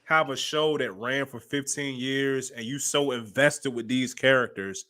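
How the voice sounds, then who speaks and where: Bright-toned man, relaxed co-host. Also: mid-range voice, measured pace. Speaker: podcast co-host. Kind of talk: casual chat.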